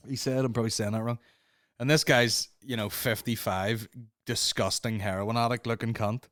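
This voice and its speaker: A man's voice: medium pitch, moderate pace, no room sound, clean studio sound. Man rambling through a profane comedy rant. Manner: rambling, profane, laughing at his own jokes. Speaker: podcast host. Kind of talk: comedic monologue.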